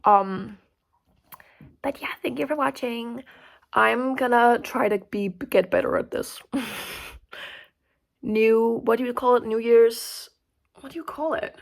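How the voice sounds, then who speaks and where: Young woman vlogger, casual and rambling, vocal fry, drops from loud outbursts to mumbles. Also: on the high side, slow pace, long pauses. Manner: rambling, filler-heavy, swearing; swings between loud outbursts and mumbled asides. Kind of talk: casual chat to camera.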